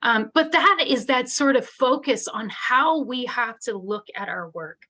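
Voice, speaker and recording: A middle-aged woman delivers a webinar keynote in an earnest, conversational way. Her voice sits a little on the high side. She keeps checking in with her listeners. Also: lively intonation, a little slow, sharp tone. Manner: earnest, conversational, tag questions. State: teary-eyed. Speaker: keynote speaker.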